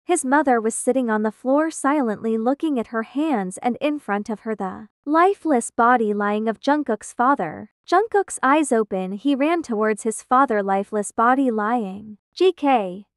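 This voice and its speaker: A woman narrating a fan fiction story aloud in a plain, quick reading with small slips. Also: on the high side, no echo, clean studio sound.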